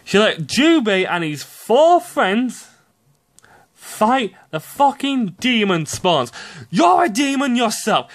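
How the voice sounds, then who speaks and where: A young man giving profane, ranting commentary on video games, excitable and quick to burst out shouting. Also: sits high. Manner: excitable, swears often, sudden shouty outbursts. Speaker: gaming commentator.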